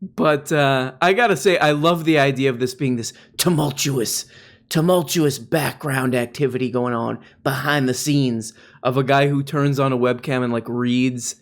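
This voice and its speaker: Man, medium pitch, casual sarcastic commentary, mocking tone. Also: moderate pace. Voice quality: sarcastic, mocking, drops into mock voices. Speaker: political commentator.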